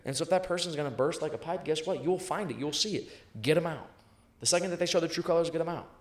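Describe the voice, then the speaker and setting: A man's voice: fairly high pitch, quick pace. A man being interviewed about sales, talking in an emphatic, blunt and profane way, repeating lines for punch. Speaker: sales professional guest. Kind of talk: motivational interview talk. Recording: echoey room.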